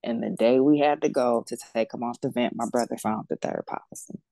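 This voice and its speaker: Gravelly-voiced woman telling a story. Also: a bass voice, brisk, dry recording. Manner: animated, emphatic storyteller. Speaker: death doula guest. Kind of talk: casual personal storytelling.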